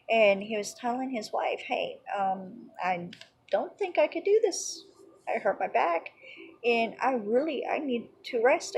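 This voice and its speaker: A woman's voice: fairly high pitch, darkish tone, slightly rough, rough recording. A woman teaching an informal Bible lesson in a rambling, conversational way, full of "you know" and "um".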